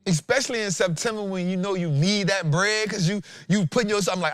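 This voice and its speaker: Animated fortysomething man host, dry sound. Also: sits high, fast, hardly any pauses, no echo. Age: 40s. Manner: animated, emphatic, repeats lines for effect, slangy. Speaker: stock trading show host. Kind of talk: casual trading talk and chart breakdown.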